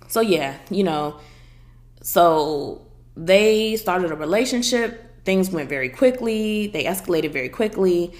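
Woman, podcast host, sassy, profane, animated storyteller, somewhat low voice. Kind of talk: casual opinion chat.

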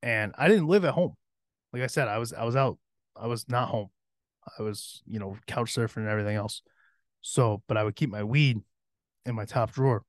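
A man's voice: mid-range voice, a little fast, long pauses, no room sound, studio quality. A young man hosting a podcast, telling a rambling, profanity-laced story from his teen years and laughing along. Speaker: podcast host. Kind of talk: casual storytelling.

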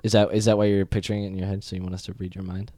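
A man's voice: deep voice, flat delivery, rapid-fire, warm tone. A young man on a voice call, joking crudely and swearing often. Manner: jokey, crude, swears a lot. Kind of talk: casual chat.

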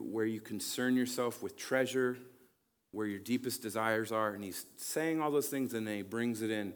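A man's voice: fairly low pitch, clear, resonant tone. Casual, conversational male preacher. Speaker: pastor and counselor. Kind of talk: casual sermon teaching. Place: church campus.

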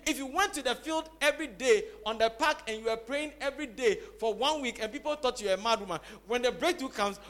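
Pastor guy preaching, high bright voice, goes loud then quiet. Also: quick pace, hardly any pauses. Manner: dramatic, swings from loud cries to soft asides. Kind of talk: sermon.

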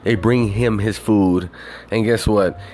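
A man telling a story in a casual, animated rant, swearing constantly and filling his talk with "like" and "you know". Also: on the low side, slow, a little hiss or hum. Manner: animated, heavy swearing, many fillers.

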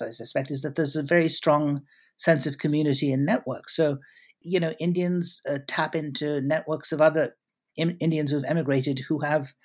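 A man's voice: a little high, a little mellow. A man answering interview questions at length, articulate and elaborate, often restarting his sentences. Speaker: guest commentator.

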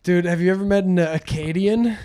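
A man with a high voice talks on a comedy podcast as an animated storyteller. He laughs at his own jokes and swears freely, keeping a loose, conversational rhythm. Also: brisk. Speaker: comedian guest. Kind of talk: casual comedy podcast chat.

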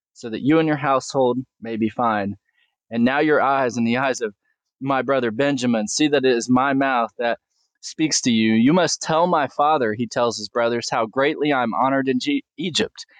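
A man's voice: medium pitch, dry recording. A man preaching a sermon, earnestly asking questions and reading scripture aloud with small stumbles.

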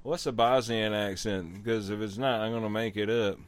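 A man's voice: lowish voice, steady tone, moderate pace, clean tone. A man hosting a comedy talk show, reading out strange news stories and riffing on them with profane asides. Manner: profane, riffing asides between read-out headlines.

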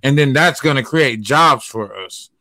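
A man's voice: mid-range voice, a little slow, sharp tone, no echo. A man in a casual group discussion, explaining his point at length and building his argument step by step.

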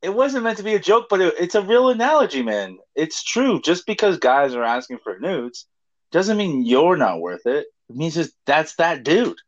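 A man's voice: fairly high pitch, sing-song, normal speed. A man in casual chat, laid-back and joking. His voice rises and falls freely. The recording sounds dull and muffled.

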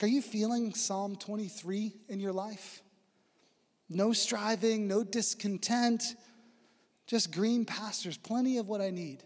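A man with a strikingly high voice delivers a sermon. He is earnest, pushing up into emphatic preaching and then falling quiet and low. A long hall reverb trails his words. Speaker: pastor.

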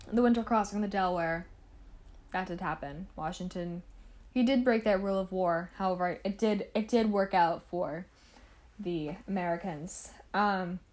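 A woman's voice: mid-range voice, a little mellow. A woman hosting a podcast, telling a history story in a chatty, casual way with asides to the listener. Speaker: podcast host.

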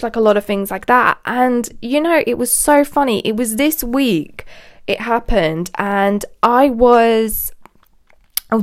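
Young woman, spiritual podcast host, smooth clear voice, dry close sound, rambling casual talk full of fillers. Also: a little high, no echo. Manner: rambling, many fillers and restarts.

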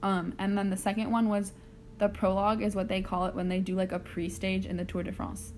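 Woman, co-host, casual chat, dry deadpan delivery, faint noise. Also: medium pitch, fairly quick. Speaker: podcast co-host.

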